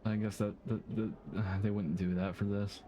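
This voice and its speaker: A man's voice: lowish voice, little pitch movement, warm tone, a little hiss or hum. A man streaming a game, talking casually with many halts, restarts and fillers. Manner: halting, stammering, lots of fillers.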